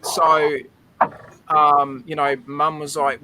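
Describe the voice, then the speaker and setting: A man's voice: fairly high pitch, flat delivery, slow pace, pushed and bright, low-quality recording. A middle-aged Australian man on a video call, telling a nostalgic, emotional story in a chatty way with lots of fillers. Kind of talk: casual storytelling.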